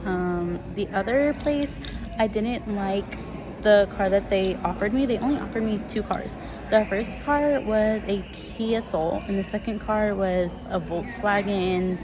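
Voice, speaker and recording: A young woman vlogging casually to her phone while car shopping, chatty and a little tired, saying "like" and "guys" often. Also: mid-range voice. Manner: chatty, excited, lots of "like" and "guys". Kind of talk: casual vlog to camera. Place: car dealership lots and showrooms. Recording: phone video with loud background noise. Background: kids playing and people talking.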